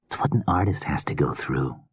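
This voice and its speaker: Whispered role-play, a man doing a slurred obsessive killer, very deep husky hush, dry close sound. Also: lively intonation, brisk, no room sound, full character voice. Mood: weary. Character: unhinged male killer filmmaker, weary and obsessive.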